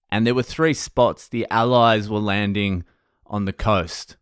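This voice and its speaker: A man's voice: lowish voice, steady tone, a little slow, clear, resonant tone, no room sound, clean studio sound. A man with an Australian accent hosting a casual podcast, rambling through a history story with constant swearing. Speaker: podcast host. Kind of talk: casual monologue.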